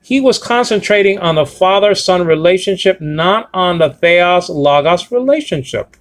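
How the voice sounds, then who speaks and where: A man with a slightly high voice leads a Bible lesson, reading Greek words off an app on his screen. He talks in an emphatic, repetitive way and keeps checking in with "okay?" as he goes. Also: lively intonation, moderate pace. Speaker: Bible teacher.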